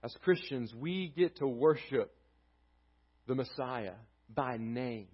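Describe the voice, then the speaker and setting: A pastor preaching a sermon, emphatic and rising loud, then dropping to a hush, in a church. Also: male voice, mid-range voice, expressive, slow, breathy edge, dull audio. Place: church sanctuary.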